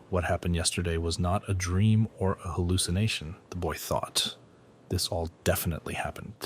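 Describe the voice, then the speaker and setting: A man narrating a story recap in a plain, steady storytelling manner. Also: sits low.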